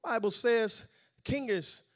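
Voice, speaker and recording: A man's voice: very high voice, unhurried. A male preacher delivering a sermon with a rhythmic cadence and call-and-response phrases to the congregation.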